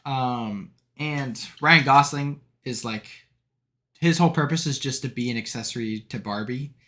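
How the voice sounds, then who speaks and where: A man's voice: medium pitch, a little slow, bright, forceful tone. A young man co-hosting a podcast, talking through a movie in a rambling, casual way with lots of fillers and laughs. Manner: rambling, many fillers, laughs while recounting jokes. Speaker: podcast co-host. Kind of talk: casual movie review chat.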